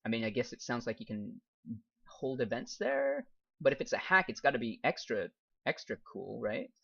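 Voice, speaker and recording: A man's voice: mid-range voice, very animated, moderate pace, creaky, fairly bright tone, breathy edge. Chatty young man streaming a game. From United States. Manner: chatty, reads viewer comments aloud, laughs often. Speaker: game streamer and English teacher. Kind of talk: casual live-stream chat while gaming. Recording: dull lo-fi stream audio.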